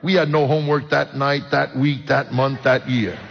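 A man's voice: mid-range voice, level tone, normal speed, gravelly, husky. An older man, preaching a personal testimony and joking with the audience. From Brooklyn, New York. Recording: dull sound with long hall reverb.

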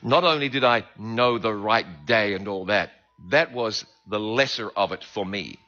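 A man with a New Zealand accent, a preacher telling his conversion story in an animated storytelling manner. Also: lowish voice, unhurried, soft background music. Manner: animated, swings between hushed and loud. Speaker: preacher giving his testimony. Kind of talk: sermon storytelling. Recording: dull lo-fi recording.

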